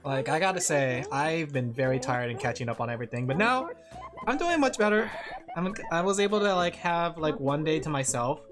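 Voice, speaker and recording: Woman VTuber on a casual drawing stream, lowish voice, very animated intonation, chatty and giggly over background music. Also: brisk. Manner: giggly, chatty, talking to chat. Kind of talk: casual livestream chat while drawing.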